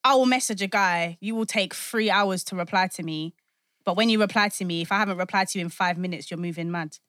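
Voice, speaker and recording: A woman's voice: on the low side, quick pace, fairly bright tone, dry recording, studio quality. A young woman chatting on a panel, emphatic and opinionated, slipping into mimicked voices. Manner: emphatic, opinionated, mimics others in play-acted quotes. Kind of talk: casual chat.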